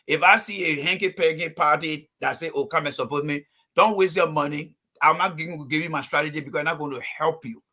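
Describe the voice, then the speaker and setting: Man from liberia, panelist, emphatic, bright lively voice, somewhat high pitch. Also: fairly quick, hardly any pauses. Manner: emphatic, lists points in phases. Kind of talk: heated call-in panel talk.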